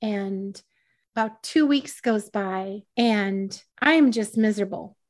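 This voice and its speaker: A woman's voice: medium pitch, takes it slowly. Candid woman telling her story. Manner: candid, self-deprecating, laughing at herself. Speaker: podcast guest. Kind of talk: personal storytelling in conversation.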